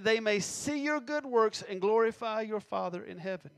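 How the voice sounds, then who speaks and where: A man preaching a sermon, reading scripture slowly and stressing words, with many questions to the congregation. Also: high-pitched, expressive, vocal fry, clean tone, no echo.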